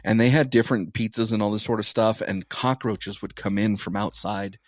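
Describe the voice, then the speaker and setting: A man from Las Vegas with a fairly low voice co-hosts a podcast in a relaxed, easygoing way. He talks casually about places he has been and leans on "like" as he goes. The sound is dry and close to the mic. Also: moderate pace, dry recording. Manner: relaxed, easygoing, says "like" often. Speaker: podcast co-host. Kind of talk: casual chat.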